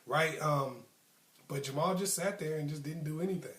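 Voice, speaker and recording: A man's voice: fairly high pitch, moderate pace, a bit bright, recorded from a distance. Man, casual storytelling, chatty, fillers, roomy echo. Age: adult, past his youth. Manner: conversational, many ums and likes, acts out friends' tough talk. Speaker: storyteller, channel host. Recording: echoey room.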